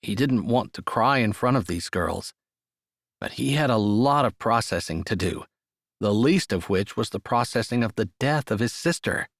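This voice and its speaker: A man narrating a romance audiobook in a steady, measured storytelling voice. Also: fairly low pitch, dry recording, studio quality. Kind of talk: scripted narration.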